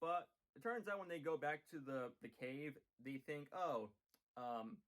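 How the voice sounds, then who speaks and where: A man's voice: a little high, normal speed, a bit bright. A man talking casually about cartoon episodes he watched, rambling and joking with lots of fillers. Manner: rambling, jokey, many fillers. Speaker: vlogger reviewing a cartoon series.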